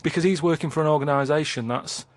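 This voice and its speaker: A man, telling a story in a slow, halting, deadpan way. He keeps repeating himself and circles back to his point. Faint noise sits under the voice. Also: a little high. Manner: halting, repetitive, unhurried. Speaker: storyteller on a comedy podcast. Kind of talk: rambling deadpan anecdote.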